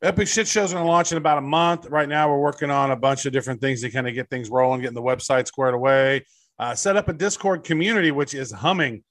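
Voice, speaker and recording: A man's voice: medium pitch, fast talker, fairly bright tone, no echo. Laid-back rambling man, crude jokes. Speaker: podcast co-host. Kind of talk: casual podcast chat.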